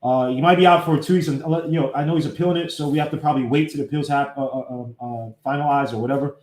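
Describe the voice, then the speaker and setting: A man hosting a casual live-streamed sports podcast, breaking down game clips and greeting viewers by name in an animated way. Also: medium pitch, rapid-fire. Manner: talks while fumbling with his computer. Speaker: podcast host. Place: home setup, live streaming. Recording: echoey room.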